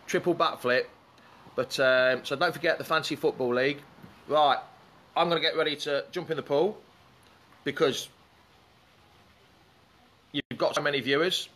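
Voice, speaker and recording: A man with a slightly high voice hosts a relaxed live stream from beside a pool in the open air. He talks in a loose, chatty way, reading out viewers' comments and greeting them as he goes. The sound comes from a camera or phone set up poolside. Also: moderate pace, long pauses. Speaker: fan show host. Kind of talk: casual live-stream chat. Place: outdoors beside a swimming pool in the sun.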